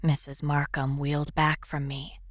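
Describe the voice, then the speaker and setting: A young woman narrating a horror story in first person, often in a hushed, whispery voice. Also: low-pitched, completely flat delivery, moderate pace, no echo, studio quality. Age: young adult.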